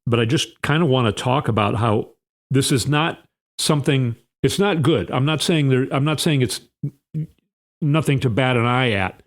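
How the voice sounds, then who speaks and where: A man giving a casual political monologue, blunt and sarcastic, with scornful asides, speaking into a desk mic in a small room at home. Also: mid-range voice. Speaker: political commentary host.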